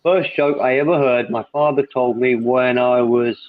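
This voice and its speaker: A man's voice: mid-range voice, fairly even intonation, normal speed, no room sound. A man hosting a casual live chat, rambling along and reading viewer comments aloud. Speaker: host. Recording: tinny phone-like line, dry.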